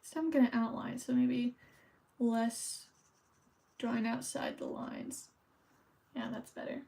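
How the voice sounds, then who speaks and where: A young woman chats casually on a stream as she decorates holiday cards. Her voice sits a little high, and she rambles and thinks aloud while she colors at her desk. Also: steady tone, takes it slowly, creaky, dark tone. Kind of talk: casual chat while crafting.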